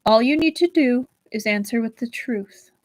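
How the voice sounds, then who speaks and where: A mild-mannered young nobleman from a novel reading, speaking softly and soothingly, voiced by a woman reader. The recording is dry and close to the mic. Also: a little high, normal speed, no room sound, natural voice, low-quality recording. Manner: soft, soothing tone. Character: gentle-seeming young nobleman, calm and soothing.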